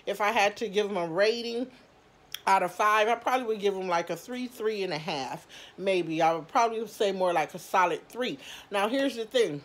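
A woman's voice: mid-range voice, normal speed. A woman reviewing snacks in a casual, candid vlog, chatting straight to her viewers with mild cursing. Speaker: food review vlogger.

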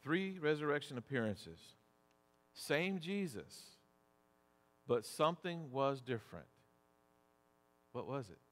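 A man preaching a sermon as pastor, deliberate and measured, asking rhetorical questions. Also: mid-range voice, big pitch swings, fairly bright tone. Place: church sanctuary. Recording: long church reverb.

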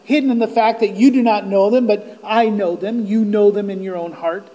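A male pastor preaching a sermon, earnest and direct with his listeners, growing impassioned and nearly shouting at the peaks. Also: sits high, fairly even intonation, normal speed. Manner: impassioned, rising to near-shouts on quoted cries.

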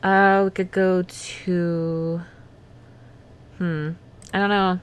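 A woman's voice: fairly low pitch, little pitch movement, very slow, smooth. A young woman casually commenting on a life-sim game she plays, chatty and giggly with many fillers, into a desktop microphone. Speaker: let's play host. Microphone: desktop USB microphone.

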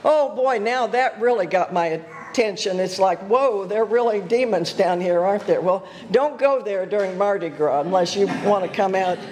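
Speaking as a guest preacher in a church, an older woman delivers her sermon through earnest, emphatic stories, chuckling in asides. She talks at a moderate pace with hardly any pauses, her mid-range voice a little mellow. A slight hiss or hum sits under the reverberant hall sound.

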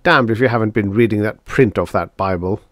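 A man's voice: on the low side, fairly quick, dry recording, studio quality, close to an everyday voice. A man voicing an impatient, contemptuous young spaceman who talks bluntly. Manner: blunt, scornful, shouting.

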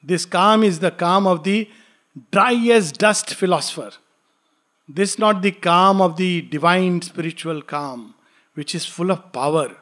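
A man with a fairly high voice leads a study class on spiritual poetry. He explains in an easy lecturing manner and slows right down for the verse passages. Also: fairly bright tone. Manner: explanatory, reads verse slowly, laughs lightly.

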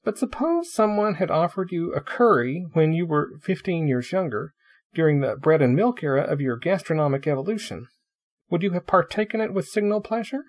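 A man voicing a pompous, cheerful young male logician who talks in a lofty, wordy, mock-solemn way, with a husky voice. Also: on the high side, expressive, normal speed, voice pushed up.

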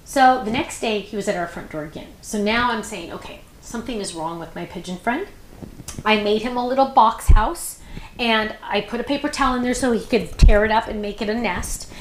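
A fairly high-voiced woman hosts a crafting show in a casual, chatty way. She rambles along with lots of ums and restarts. The room is roomy and echoey, with a faint hiss of background noise. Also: fairly quick. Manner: chatty, rambling storyteller with many fillers.

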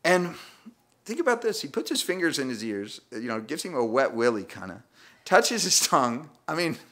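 A man's voice: mid-range voice, sing-song, fairly quick, a bit bright. A man preaching a sermon as pastor, chatty and self-deprecating, often acting out little voices and laughing at the text. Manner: conversational, self-deprecating, acts out voices with humor. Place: church.

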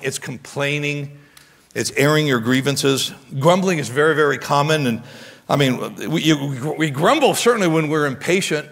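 A man pastor preaching a sermon in an animated way, often stammering and restarting his words. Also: a little high. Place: church sanctuary. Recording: long church hall reverb.

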